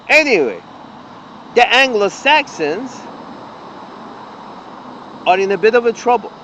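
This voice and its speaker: High-voiced man ranting angrily. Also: very animated, slow pace, pauses often, fairly bright tone, a little hiss or hum, rough recording. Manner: angry, profane, repetitive ranting with frequent restarts. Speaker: political commentator. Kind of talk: ranting open-letter monologue.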